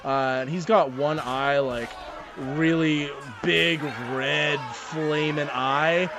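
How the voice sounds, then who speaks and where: A man's voice: on the high side, fairly even intonation, slow, noisy background. A man narrating as game master in a tabletop role-playing game, loose and laughing often.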